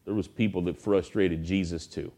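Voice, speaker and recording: A man preaching a sermon, telling stories in a folksy, animated way. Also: sits low, normal speed. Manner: folksy, animated storytelling with acted quotes. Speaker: pastor.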